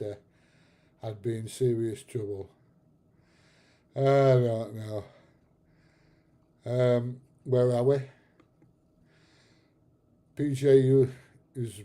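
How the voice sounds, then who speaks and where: A man's voice: medium pitch, warm tone. A middle-aged man hosting a casual livestream, chatting to viewers and laughing at his own stories, with the odd bit of swearing. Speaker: livestream host. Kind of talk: casual chat with live viewers.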